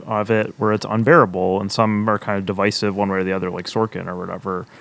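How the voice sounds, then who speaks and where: A man's voice: fairly low pitch, little pitch movement, quick pace, vocal fry, fairly bright tone. A man in a casual podcast chat, making wry critical asides. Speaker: podcast co-host.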